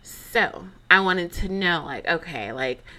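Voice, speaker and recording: Young woman host, lively dramatic storyteller, bright lower voice. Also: slow. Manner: chatty, dramatic, lots of fillers and asides. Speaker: podcast host. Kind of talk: casual storytelling monologue.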